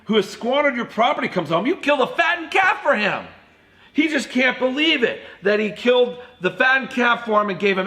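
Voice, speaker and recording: A man teaching a children's Bible lesson in an animated way, often calling the kids "you guys". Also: sits high.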